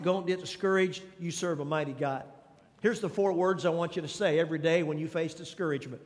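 A male pastor with a high voice preaches an emphatic sermon, pressing his listeners with questions and repeated phrases. His voice carries a long reverb from the large hall around him. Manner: emphatic, exhorting the congregation with questions and repetition.

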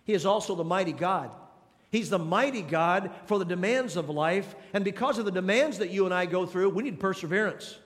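A male pastor with a high voice preaches an emphatic sermon, pressing his listeners with questions and repeated phrases. His voice carries a long reverb from the large hall around him. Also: a little fast, fairly bright tone. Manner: emphatic, exhorting the congregation with questions and repetition.

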